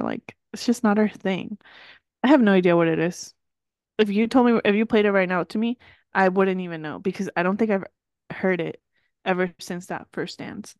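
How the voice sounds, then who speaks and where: A woman's voice: medium pitch, brisk, a little mellow, no room sound, clean studio sound. A young woman co-hosting a podcast, chatting with enthusiasm and laughing often. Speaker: podcast co-host. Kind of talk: casual chat.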